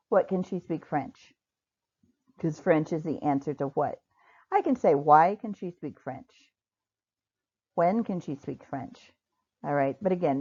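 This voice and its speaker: Woman, ESL teacher, patient, slow on examples; mellow lowish voice, muffled lo-fi audio. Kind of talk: recorded online lecture. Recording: dull lo-fi recording.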